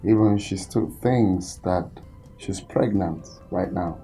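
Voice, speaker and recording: An actor with a Nigerian accent playing a remorseful husband, explaining earnestly with some hesitation. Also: male voice, low voice, slow pace, dark tone, faint music behind, low-quality recording. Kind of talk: Nollywood film acting.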